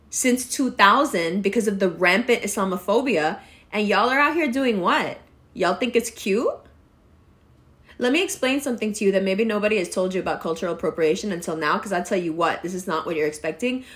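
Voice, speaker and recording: A woman's voice: on the high side, a bit bright. Blunt, profane woman ranting. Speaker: vlogger. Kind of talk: angry rant to camera.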